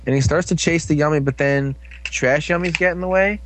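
A young podcast co-host recaps a show episode casually, rambling, joking and drifting into silly voices for the characters. He speaks a little fast in a fairly high-pitched voice, against heavy background noise.

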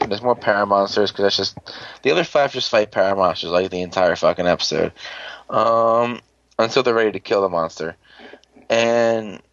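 A man's voice: gravelly, a bit bright, no room sound. A man casually recapping a show episode, rambling, swearing and acting out characters' lines. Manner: rambling, swears, acts out quotes in higher voices. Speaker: podcast host recapping an episode. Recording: dull lo-fi sound.

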